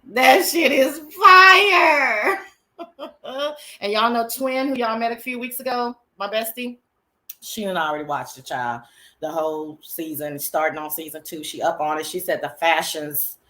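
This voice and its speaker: A woman hosts her own live chat show, talking casually in a sassy, slangy and excitable way, with bursts of shrieking laughter. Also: fairly low pitch, unhurried.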